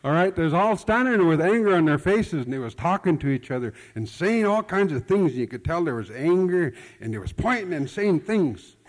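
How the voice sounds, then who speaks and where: Folksy pastor with hall reverb. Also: male voice, on the high side, lively intonation, normal speed, hardly any pauses. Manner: folksy, conversational telling with repeated words and nonstandard grammar. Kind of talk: sermon storytelling. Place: church hall.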